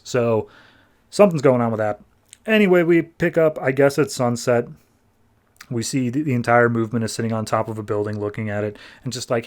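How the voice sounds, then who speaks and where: A young adult man, a podcast co-host, casually recapping a comic book plot and throwing in quick acted-out quotes from the characters. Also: medium pitch.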